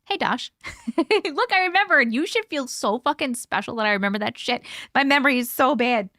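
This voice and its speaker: A woman's voice: high voice, lively intonation, moderate pace, pushed and bright, no room sound, clean studio sound. A woman hosting a live stream, chatting casually with viewers, swearing freely and laughing often. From part Italian heritage, American. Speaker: host reading viewer stories.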